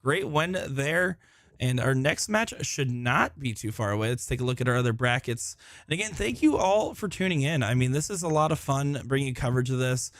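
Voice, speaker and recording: A man's voice: medium pitch, animated, a little fast, studio quality. A man commenting live on a darts tournament from a busy hall, chatting and joking about himself. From Florida. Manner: chatty, joking, self-deprecating.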